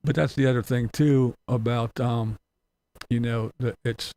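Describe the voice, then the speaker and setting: A man chatting casually on a livestream, with a gravelly, fry-laden voice at an everyday middle pitch. He talks bluntly, swears freely and chuckles between remarks as he reads out comments. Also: steady tone, measured pace, darkish tone. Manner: blunt, ranting, profane, chuckling. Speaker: livestream host.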